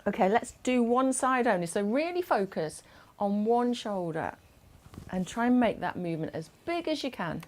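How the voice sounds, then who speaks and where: A woman instructor leading a gentle chair exercise class over a video call, encouraging and instructive. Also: fairly high pitch, very animated, moderate pace.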